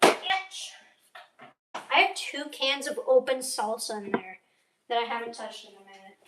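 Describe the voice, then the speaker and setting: A woman's voice: a little high, normal speed, echoey room, distant mic, very noisy. A young woman streaming from her kitchen, rambling and talking to herself as she cooks and eats, swearing casually. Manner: rambling, talks to herself while cooking and eating. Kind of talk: casual livestream chat.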